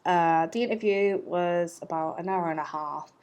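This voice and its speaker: A woman's voice: on the low side, normal speed, a little mellow. A young woman telling a personal story to camera in a chatty, rambling way, laughing at herself. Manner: chatty and rambling, with fillers and self-mocking laughs. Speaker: vlogger.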